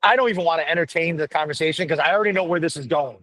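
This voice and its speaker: A middle-aged man with a gruff voice, pitched a little high, talks bluntly and profanely in an animated, casual chat. He sounds close and dry, with no room around him. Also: rapid-fire, dry recording, rough recording. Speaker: podcast guest, firefighter paramedic.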